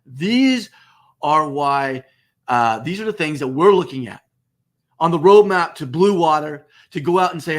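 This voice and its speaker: A man hosting a business webcast, talking emphatically and repeating words for stress. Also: unhurried. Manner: emphatic, repeats phrases, lively swings in pitch. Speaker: host. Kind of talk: enthusiastic business webcast talk.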